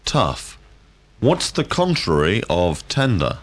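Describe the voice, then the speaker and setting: Low, lively male teacher drilling questions. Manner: clear, deliberate questioning. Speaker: language teacher. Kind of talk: scripted drill lesson.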